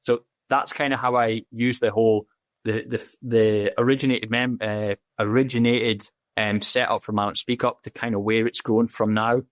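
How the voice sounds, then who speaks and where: A man talking as a podcast guest, candid and blunt, swearing freely and acting out quoted exchanges. His voice sits in a middling pitch. The sound is dry and close, with no room around it. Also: little pitch movement, normal speed, dry recording. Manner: blunt and profane, acts out quoted dialogue. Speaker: podcast guest, safety officer. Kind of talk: candid casual storytelling.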